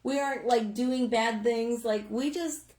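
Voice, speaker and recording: A woman's voice: on the high side, measured pace, a little mellow, roomy sound. A woman co-hosting a live stream, chatting casually and reading viewer comments aloud.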